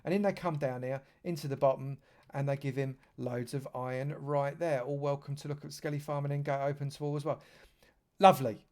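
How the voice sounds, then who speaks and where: A man streaming a live walkthrough of a game world, talking in a slightly high voice. He chats freely and gushes over everything he points out. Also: normal speed, a little mellow. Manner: effusive, chatty, lavish with praise. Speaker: streamer touring a game server. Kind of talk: live gameplay tour commentary.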